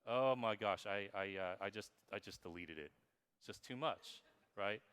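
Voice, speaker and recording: A man in his thirties giving a lively, emphatic keynote talk at a conference, speaking straight to the audience. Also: lowish voice, moderate pace, clean tone, in a large hall. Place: conference hall.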